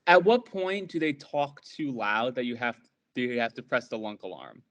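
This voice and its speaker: A man co-hosting a casual podcast who drops quick joking remarks into the conversation. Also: mid-range voice, big pitch swings, fairly bright tone. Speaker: podcast co-host.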